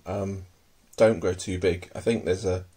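A man's voice: deep voice, fairly even intonation, measured pace, mellow, husky. A man casually showing his pet tarantulas at home, hesitant and full of ums, murmuring fondly to his pets. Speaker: tarantula keeper. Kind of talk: casual hobby video.

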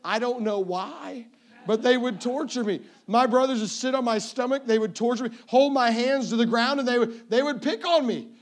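A man's voice: very high voice, moderate pace. A man in his fifties preaching a sermon as a visiting evangelist, telling playful, self-mocking stories and often repeating his first word. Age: 50s. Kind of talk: sermon with humorous family stories.

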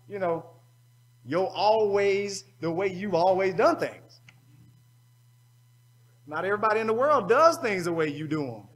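A man's voice: high-pitched, a bit bright, slight background noise, low-quality recording. A man preaching a sermon at a youth seminar, colloquial and call-and-response in manner.

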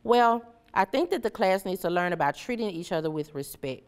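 A woman's voice: mid-range voice, animated, brisk, smooth, natural voice. A woman voicing a kind male superhero who talks steadily and encouragingly to children. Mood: reassuring. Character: kind caped male superhero, gentle and reassuring.

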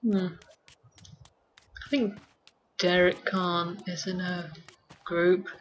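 Slow, rambling woman gaming. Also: fairly low pitch, level tone, slight background noise. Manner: rambling, giggly, thinking aloud with many pauses. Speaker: let's play host. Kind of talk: casual gameplay commentary.

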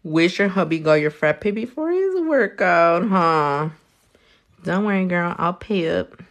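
A woman, a nail technician chatting loudly and crudely on a livestream while she works, teasing and laughing a lot. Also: fairly low pitch, animated, a little slow. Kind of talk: casual livestream chat while doing nails. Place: her own room.

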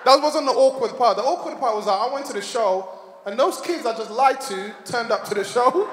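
A man's voice: very high-pitched, expressive, fairly quick, background noise. A man performing a stand-up comedy set, telling stories with laughter and putting on voices. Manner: storytelling with laughs and put-on voices. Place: large hall on stage. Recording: echoey hall with long reverb.

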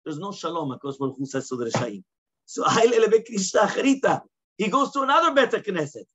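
A man's voice: fairly high pitch, huge pitch swings, fast talker, pushed and bright, a little hiss or hum. A man teaching a casual Talmud class. He reads Aramaic lines and then explains them in plain English, often checking in with "right?". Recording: dull lo-fi class recording.

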